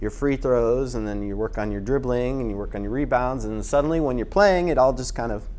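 A man's voice: medium pitch, brisk, darkish tone. A man teaching voiceover tips in a loose, casual talk with restarts.

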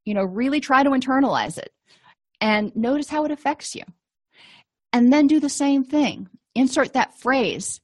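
A middle-aged woman counselor gives a recorded lecture in a conversational teaching tone, explaining points through examples. Her voice sits on the high side and is expressive at a normal speed, captured close and dry with no room sound.

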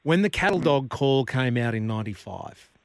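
A man's voice: mid-range voice, animated, moderate pace, no echo, studio quality. A man hosting a radio show, interviewing a guest in an affable, encouraging way. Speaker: radio host.

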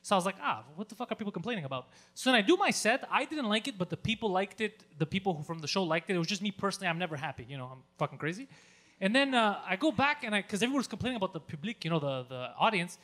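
A Greek man, a stand-up comedian, telling a story in casual chat, animated and profane, acting out shouted lines. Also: sits high, racing. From Greece.

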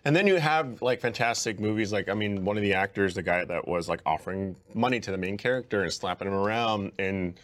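A man on a podcast with a fairly low voice. He is enthusiastic about what he is recommending and strings his thoughts together with plenty of fillers. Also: a little fast, hardly any pauses, fairly bright tone. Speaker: podcast co-host. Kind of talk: casual chat.

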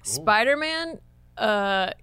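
Smooth-voiced woman, animated chatter. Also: mid-range voice, drawn-out words, no echo. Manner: animated storyteller, acts out scenes with laughs. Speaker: podcast panelist. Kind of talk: casual chat.

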